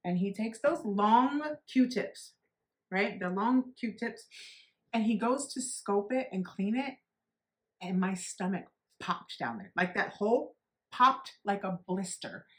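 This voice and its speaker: A beauty vlogger in her forties tells a personal story candidly and bluntly, swearing freely and acting out what others said. Her mid-range voice is animated and slow.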